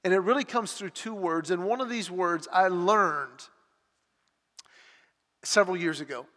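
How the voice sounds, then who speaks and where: A middle-aged man delivers a sermon in a confessional storytelling way. His voice sits high and sounds bright and forceful, and it drops to a near hush at tender moments. A long reverb trails his words through the hall. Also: a little slow. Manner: confessional storytelling, swings from loud to hushed. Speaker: speaker.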